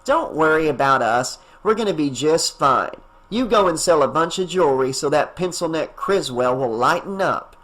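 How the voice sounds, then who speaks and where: A man's voice: a little high, lively intonation, normal speed, few pauses, fairly bright tone. A brash, joking woman in her thirties, read by a man in an audiobook. He lifts his voice only a little and keeps it breezy and teasing.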